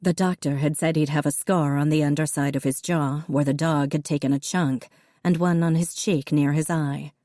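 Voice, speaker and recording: Reading an audiobook in a measured, even manner, a woman speaks in a low-pitched voice. The sound is clean studio audio, recorded dry.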